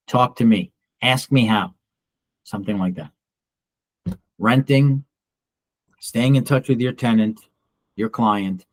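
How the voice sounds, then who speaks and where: This middle-aged real estate broker runs a casual training talk at the office, blunt and animated, acting out the people he quotes. His voice sits on the low side, and there's no room sound.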